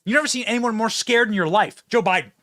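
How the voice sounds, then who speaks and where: A man's voice: high-pitched, fast talker, bright, forceful tone, no room sound, clean studio sound. A man hosting a political show, giving mocking, sarcastic commentary and laughing often.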